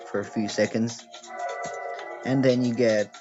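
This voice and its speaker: A man's voice: medium pitch, steady tone, a little slow. A young man chatting through a game walkthrough, thinking aloud and correcting himself as he plays. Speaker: gaming video creator. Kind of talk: casual game walkthrough commentary. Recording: dull lo-fi audio with game music. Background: game music.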